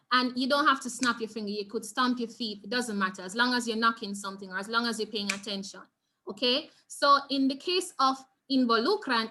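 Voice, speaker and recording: A Jamaican woman leads a Spanish revision class online. Her voice is bright and sits somewhat high, and she is patient, often pausing to ask students whether they follow. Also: slight background noise. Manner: patient, repeats key points and checks in with students. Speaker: Spanish teacher.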